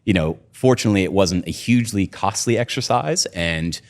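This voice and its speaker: Man, very low voice, rambling guest, you-know and right fillers. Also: fairly quick. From United States. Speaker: company co-founder, guest. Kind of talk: casual podcast interview.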